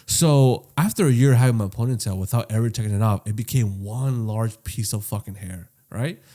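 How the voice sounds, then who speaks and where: A man co-hosting a casual podcast, telling a long story with lots of swearing, swinging between loud and quiet. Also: lowish voice, normal speed. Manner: profane, animated storytelling that swings loud and soft. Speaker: podcast co-host.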